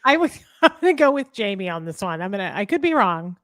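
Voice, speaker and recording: A woman from Kansas co-hosting a casual podcast, answering with dry, scolding banter and quick comebacks. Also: mid-range voice, big pitch swings, a bit bright, dry recording. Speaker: podcast co-host. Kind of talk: casual chat.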